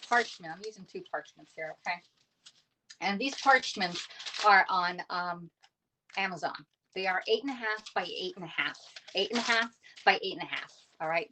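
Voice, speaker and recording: A woman's voice: mid-range voice, bright, forceful tone, a little hiss or hum. Casting: woman, chatty live-stream cooking host, home kitchen, laughs easily. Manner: chatty, greets viewers by name, laughs often.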